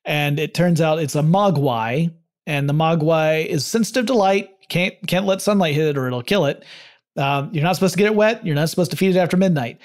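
Hombre copresentador explicando con calma, voz algo aguda. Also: male voice, fairly high pitch, brisk. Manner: explanatory, relaxed storytelling with restarts. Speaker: podcast co-host. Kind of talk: casual chat.

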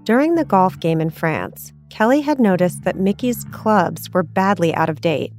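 Low-voiced female narrator, scripted podcast read over faint music. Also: animated, moderate pace, darkish tone.

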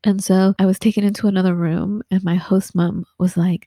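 A woman with a Southern Californian accent talks casually and with animation, sprinkling "like" through her stories. Her voice is mellow and warm. The recording is dry and close, with no room sound. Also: mid-range voice, a little fast, few pauses, no echo. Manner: chatty, animated storyteller with frequent "like" and laughs. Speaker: guest. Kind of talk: casual conversation.

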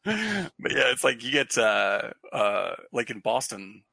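A man's voice: mid-range voice, big pitch swings, takes it slowly, vocal fry, sharp tone, slightly rough, no echo. A man from Cape Cod, Massachusetts, chatting casually, rambling through lots of fillers and restarts and breaking into laughter. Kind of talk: casual chat.

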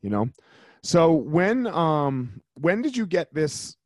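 A man's voice: a little high, big pitch swings, slow, dry recording, clean studio sound. A man hosting a podcast, chatting casually with lots of "like" and "man". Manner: conversational, frequent "like" and "man". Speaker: podcast host. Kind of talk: casual interview chat.

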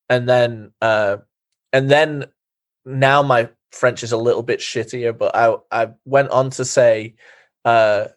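A man's voice: medium pitch, slow. A man from England, a band singer, telling tour stories in casual podcast chat and acting out the quotes he tells. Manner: animated storyteller who acts out quotes. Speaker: band vocalist.

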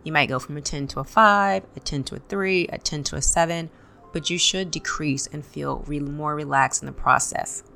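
A woman leading a guided tapping session, calmly calling out tapping points and repeating affirmations for listeners to echo. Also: sits low, moderate pace, gravelly, slight background noise. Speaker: tapping instructor.

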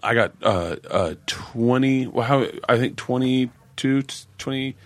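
A man's voice: mid-range voice, unhurried, no echo. A middle-aged man from the American South, telling stories in casual chat and acting out the people he quotes. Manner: animated storyteller, acts out quotes.

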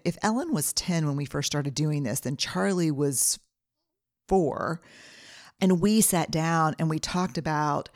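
A middle-aged woman hosts her own podcast, working earnestly through a list of numbered advice in a solo monologue. Her voice sits low with a darkish tone, captured in studio quality with no room sound.

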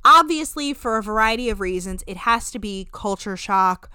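Bright, crisp-voiced woman ranting on a podcast. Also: mid-range voice, moderate pace, dry recording, studio quality. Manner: animated, profane, ranting. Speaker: podcast host. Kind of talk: casual recap chat.

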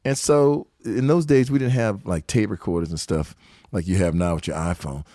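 Low-voiced older man telling stories. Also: normal speed, no room sound, clean studio sound. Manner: animated storyteller who acts out quotes and laughs often. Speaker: guest musician, guitarist and songwriter. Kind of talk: storytelling interview anecdotes.

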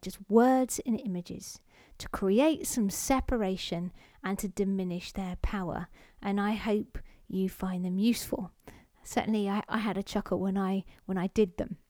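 A woman's voice: medium pitch, a little mellow, no room sound, clean studio sound. A woman hosting a self-help podcast, explaining exercises step by step in a friendly way with a few fillers. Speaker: podcast host.

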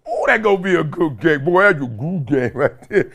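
A middle-aged man hosting his own show, talking in a slightly high voice that swoops all over the place. He goes cocky and loud one moment, low and quiet the next, and laughs a lot as he riffs on viewer comments. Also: expressive, moderate pace, creaky, hardly any pauses. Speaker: show host.

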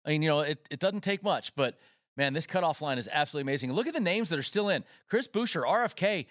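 Male co-host, slightly high voice, excitable odds rundown, dry studio sound. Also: fast, no room sound. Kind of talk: sports betting talk.

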